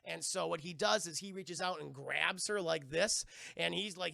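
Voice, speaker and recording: A man's voice: high-pitched, fast talker, gravelly, no echo, clean studio sound. A man streaming a live review of a cartoon episode, retelling scenes with lots of swearing, acting out the characters' lines and talking to his chat. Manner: animated, profane recap that acts out the characters' lines; addresses the stream chat directly.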